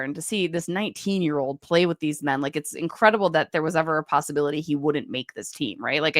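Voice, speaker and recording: A woman co-hosting a podcast, chatting casually about hockey and rattling off stats and player names at a brisk clip. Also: sits low, fairly bright tone, no room sound, studio quality. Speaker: podcast co-host.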